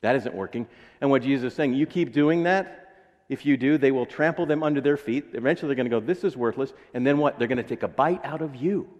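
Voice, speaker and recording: A man's voice: mid-range voice, fast, a little mellow, long reverb tail, highs cut off. A man with an American accent preaching a sermon in a casual, joking way, acting out little voices. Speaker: pastor. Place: church sanctuary.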